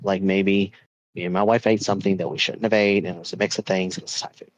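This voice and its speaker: A podcast host with a deep, steady voice tells a ghost story quickly, rambling with lots of restarts, repeats, and fillers. There is no room sound, but the audio quality is poor.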